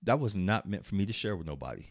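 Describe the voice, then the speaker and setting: A middle-aged man from Arizona spins a loose, rambling road-trip story for his vlog. His voice sits a little low, and the sound is close and dry with no room around it. He curses casually, laughs at his own jokes and restarts his sentences often. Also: sing-song, fast talker, no echo. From Arizona, USA. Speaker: vlog host.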